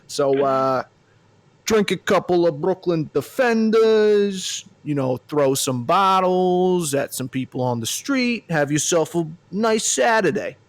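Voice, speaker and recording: A man's voice: sits high, animated, slow, pitched above the performer's own voice. A man putting on a swaggering, mock-tough New York accent as a mustached Brooklyn beer guy in a podcast comedy bit. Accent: New York, put on.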